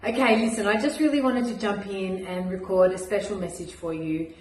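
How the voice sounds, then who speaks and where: A woman's voice: medium pitch, steady tone, fairly quick, a little mellow, reverberant, poor audio. A woman, a mindset coach, giving an earnest, encouraging motivational message.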